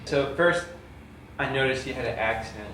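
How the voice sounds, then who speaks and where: A man's voice: mid-range voice, normal speed, fairly bright tone, recorded from a distance. A young man from the United States telling a story in casual chat, full of "like" and quoting himself. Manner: rambling, fillers like "like", quotes himself. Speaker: vlogger telling how the couple met. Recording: roomy, from off mic, faint hum.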